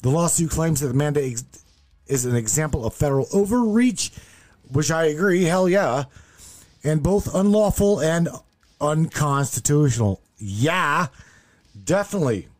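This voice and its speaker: A man's voice: on the high side, animated, moderate pace. A man hosting a podcast, reading the news aloud in a profane, sarcastic, rambling way. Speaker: podcast host. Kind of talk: casual news commentary.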